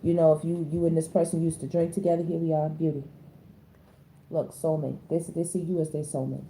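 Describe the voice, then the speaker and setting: A woman, doing a casual tarot reading in a blunt, slangy and animated way. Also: a little fast, slight background noise. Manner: animated, slangy, blunt, with sudden high-pitched exclamations. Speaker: tarot reader.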